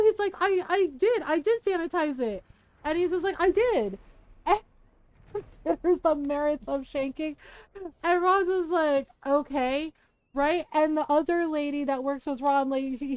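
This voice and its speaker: A middle-aged woman streamer telling a story in casual chat, animated and profane, laughing as she talks. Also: high-pitched, no echo, low-quality recording. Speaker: live streamer.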